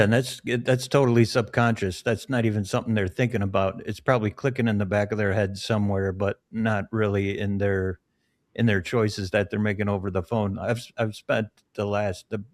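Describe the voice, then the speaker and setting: A man's voice: fairly low pitch, dry recording, studio quality. A man hosting an interview, friendly and encouraging with some fillers. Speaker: host. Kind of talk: casual interview.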